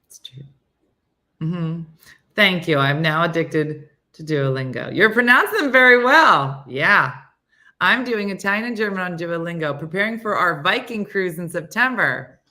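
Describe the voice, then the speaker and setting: A woman in her sixties talks casually as a show host, reading viewer comments and poking fun at herself. Her voice sits low yet comes across bright and punchy. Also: animated, measured pace. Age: 60s. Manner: chatty and self-mocking, reading out comments by name.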